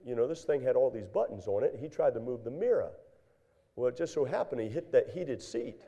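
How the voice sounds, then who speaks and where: An older man preaching a sermon, telling folksy stories in an animated way, with many fillers and acted-out dialogue. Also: medium pitch, fairly quick, husky, lo-fi sound. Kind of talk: sermon with storytelling.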